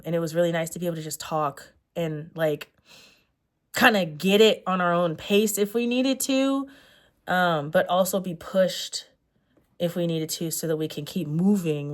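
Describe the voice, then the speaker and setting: A woman's voice: on the low side, normal speed. A young adult woman talking in a sit-down vlog chat, earnest and rambling, often correcting herself with fillers. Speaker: vlogger.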